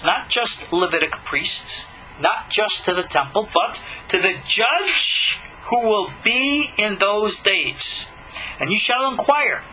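A man giving a religious teaching, asking rhetorical questions and slowing down to read scripture aloud. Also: extremely high pitch, pushed and bright, slight background noise, low-quality recording. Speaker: Jewish teacher.

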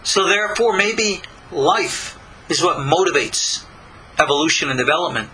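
An older man from Long Island, giving a slow, deliberate spiritual lecture with many pauses. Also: a little high, expressive, crowd noise, rough recording. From Long Island, New York. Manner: slow, deliberate, pausing between phrases. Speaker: spiritual teacher.

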